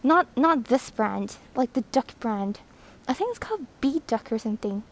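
Streaming from inside an airport terminal, a high-voiced woman chats at a moderate pace, reading comments aloud and eagerly welcoming viewers. Heavy breathing comes through her thick mask, and her hand-held phone picks up a rough sound with slight background noise.

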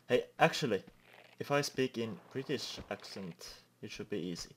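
A man's voice: on the low side, expressive, moderate pace, hardly any pauses, slight background noise. A young man giving casual gameplay commentary, chatting and laughing at his own slips of the tongue. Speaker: let's play host.

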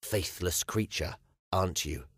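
A man's voice: deep voice, measured pace, a bit bright, breathy edge, no room sound, studio quality, exaggerated voice. A male audiobook narrator voicing a weary, frustrated medieval king who speaks impatiently. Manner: irritable, scowling, impatient. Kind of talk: audiobook character voice.

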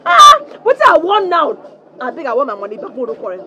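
An actress playing a loud, quarrelsome young woman with a Nigerian accent in a Nollywood film, ranting and fake crying. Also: high voice, huge pitch swings, fast talker, a crowd in the background. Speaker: scheming woman demanding a refund.

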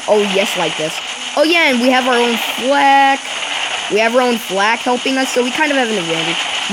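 A woman's voice: fairly high pitch, lively intonation, moderate pace, heavy background noise. Woman thinking aloud over a game. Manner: thinks aloud, rambling with fillers and sudden exclamations. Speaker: gamer playing a strategy game. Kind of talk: casual let's-play commentary.

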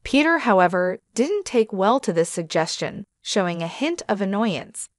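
A woman narrating a first-person family drama story in an even, measured reading style. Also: medium pitch, dry recording, studio quality.

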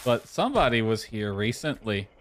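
A man's voice: on the low side, very animated, normal speed, very noisy. A man streaming a game live, chattering to himself, calling out playfully and now and then singing in a mock-sad voice. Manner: playful, talks to himself, sings and calls out in a mock-plaintive voice. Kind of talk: live gameplay commentary.

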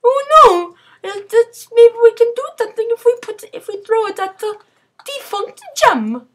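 High, lively young woman gaming. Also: normal speed. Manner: silly, dramatic, exclaiming. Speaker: gamer. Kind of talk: playful game commentary.

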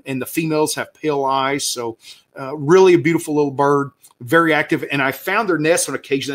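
Here a birding guide with a Southern American accent gives an informal slide talk in a fairly bright, higher-pitched voice. His delivery is excited and rambling, with frequent fillers and restarts.

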